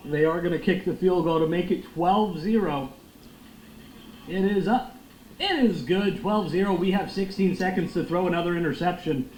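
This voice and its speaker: Young male gamer, loud and profane, lively voice, faint room hiss. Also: high-pitched, moderate pace. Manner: loud, excitable, profane trash talk. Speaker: gaming streamer. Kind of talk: live gameplay commentary. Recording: echoey room with faint noise.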